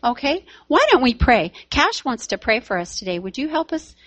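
A woman teaching children at church tells a Bible story and gently talks to the kids. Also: a little high, sing-song, normal speed.

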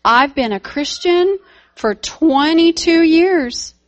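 A woman telling a story voices an older man who slowly and sincerely confesses that he has been humbled. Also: high voice, animated, dry recording, pitched above the performer's own voice.

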